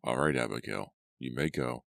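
A man voicing a stern, very deep father. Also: moderate pace, creaky, a bit bright, no room sound, studio quality, full character voice. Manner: firm, commanding. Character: stern, strict colonial father.

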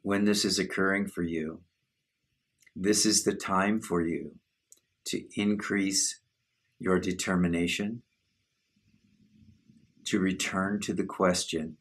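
A man leads a satsang, his words unhurried and contemplative as he guides listeners through self-inquiry. His voice sits very low and carries a husky grain. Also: steady tone, a bit bright. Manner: slow, measured, contemplative. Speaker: spiritual teacher.

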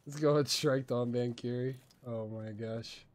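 A man streaming a shooter game with teammates, calling out plays and shouting orders when the fight gets tense. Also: mid-range voice, measured pace. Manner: shouts urgent commands when excited. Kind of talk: casual gaming callouts.

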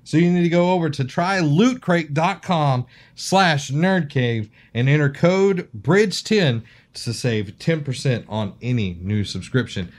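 Joking man co-hosting a podcast. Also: a little high. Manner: joking, animated, reads ad copy loosely. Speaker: podcast co-host. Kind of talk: casual podcast chat.

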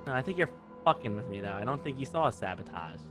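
Man, joking, laughing, very animated voice, game voice chat, headset mic. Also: mid-range voice, fast talker, over music. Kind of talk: casual game chat over voice call.

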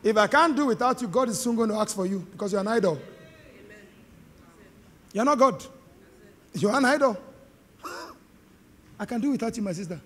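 High-voiced Nigerian preacher in a hall. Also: male voice, a little fast, long pauses. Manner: animated, joking, call-and-response with the congregation. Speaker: pastor. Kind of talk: sermon. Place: large hall with live congregation. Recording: long hall reverb.

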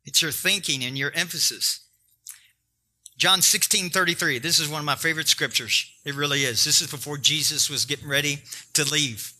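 Male pastor, high and very bright voice, emphatic sermon delivery with jokes. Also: moderate pace. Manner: emphatic, joking preaching that talks straight to the congregation.

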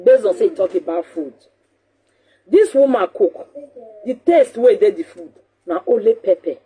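A Nigerian woman hosting a talk show, her voice deeply husky and mellow. She talks casually and animatedly, scolding and hammering her points home by repeating them. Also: animated, normal speed.

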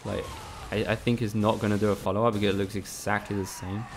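Gravelly low-voiced male game streamer. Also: level tone, quick pace, slight background noise. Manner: frustrated, swears often, casual banter with viewers. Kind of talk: live gameplay commentary.

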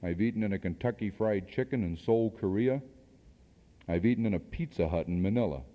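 Speaking a little fast in a lowish register, this seminar presenter pushes his case through rhetorical questions, slipping in the odd wry comment. It sounds like old cassette tape, dull and lo-fi, with the hall's walls throwing back a lengthy echo.

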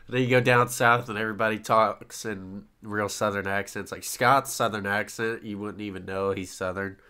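A man from the United States hosting a podcast, telling stories in an animated way and swearing freely. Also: on the low side, measured pace, clear, resonant tone. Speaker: podcast host. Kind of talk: casual podcast chat.

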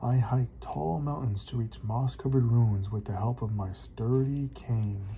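A man voicing an old male rabbit explorer with a cane, recounting adventures slowly in a read-aloud storybook. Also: medium pitch, warm tone, slight background noise, natural voice. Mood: proud.

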